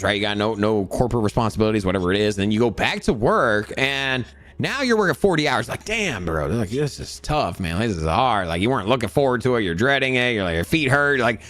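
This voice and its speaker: A man hosting a crypto show, ranting in a casual motivational way, animated and full of repeated words, acting out other people's voices. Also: mid-range voice, no room sound. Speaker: crypto channel host.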